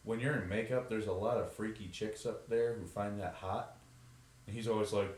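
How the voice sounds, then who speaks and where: A young man co-hosts a podcast, telling stories in an animated, casual way and slipping into the voices of the people he quotes. His voice sits fairly low. The room behind him is roomy and echoing. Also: moderate pace. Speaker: podcast co-host. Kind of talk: casual storytelling. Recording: roomy echo.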